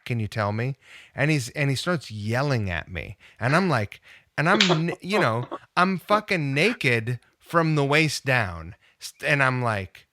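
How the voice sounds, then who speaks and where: Animated storytelling man, bright voice. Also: medium pitch, unhurried. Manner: animated, acts out quoted voices. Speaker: podcast guest, punk guitarist. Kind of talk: casual storytelling.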